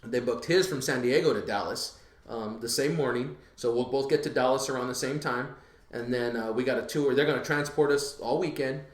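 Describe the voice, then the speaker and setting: A man with an average-pitched voice hosting a podcast, wandering through his plans with plenty of "um" and "uh". The sound bounces around an echoey room. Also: brisk. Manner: relaxed, rambling, lots of fillers. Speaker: podcast host. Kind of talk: casual podcast chat.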